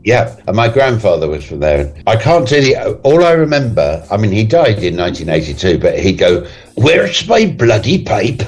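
A genial man in his sixties speaks in a deep, low voice, rambling through a relaxed radio chat. His delivery swings up and down in lively pitch. Faint music sits behind him. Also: a little fast, hardly any pauses, poor audio. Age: 60s. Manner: genial, rambling, with fillers and chuckles. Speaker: guest comedian.

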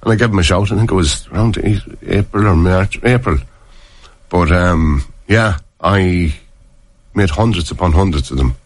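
With a voice that sits low and a moderate pace, an Irishman who used to play tells long, meandering stories in casual conversation, restarting often. There's no room sound.

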